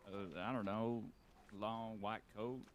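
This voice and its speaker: A man plays an aging outlaw in a western roleplay game, with a lowish voice. He muses slowly in halting phrases, often restarting. The outlaw is weary and reflective. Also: steady tone, a little hiss or hum. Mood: uneasy. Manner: halting, many restarts, musing. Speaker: roleplay player.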